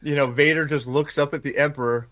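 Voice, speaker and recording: A middle-aged man from California chatting casually as a streamer and podcast host, excitable and profane, rambling with many restarts. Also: a little high, fast. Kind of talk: casual chat.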